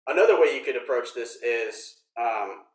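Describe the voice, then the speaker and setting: A man teaching snare drum technique in a workshop, explaining step by step in a relaxed way with frequent ums. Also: medium pitch, moderate pace, recorded from a distance. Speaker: drum instructor. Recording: roomy echo.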